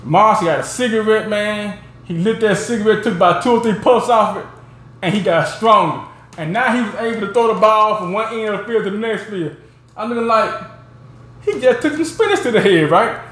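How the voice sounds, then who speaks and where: A man with a fairly high voice spins long, rambling stories in a loose, casual way, constantly checking in with the listener. The recording has a roomy echo around him. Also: a little fast. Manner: rambling, animated, peppered with "you know what I'm saying". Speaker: show host. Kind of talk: casual storytelling.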